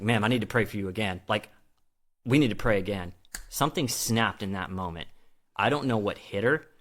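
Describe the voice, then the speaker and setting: A man's voice: on the low side, vocal fry, fairly bright tone. A man telling a personal testimony in a casual way. He acts out the dialogue he quotes and uses lots of "I'm like" asides.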